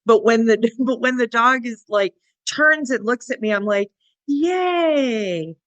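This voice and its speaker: A woman's voice: on the high side, fairly even intonation, moderate pace, a bit bright, no room sound, muffled recording. A woman co-hosting a podcast, telling a dog training story casually. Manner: anecdotal storytelling with laughs. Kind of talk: casual conversational interview.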